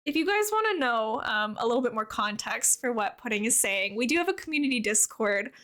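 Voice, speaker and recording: A bubbly young woman with a high voice talks casually on a live stream. She chats with her viewers as she plays, easygoing and animated in tone. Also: a little fast. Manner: bubbly, chatty, reads and answers chat while playing.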